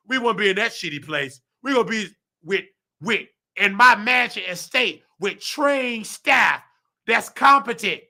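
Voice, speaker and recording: Man host, heated slangy vlog rant, high piercing voice. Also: gravelly, bright, forceful tone. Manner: heated, preachy, slangy ranting; mimics other people's voices in quotes. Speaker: nursing assistant. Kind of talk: ranting vlog monologue.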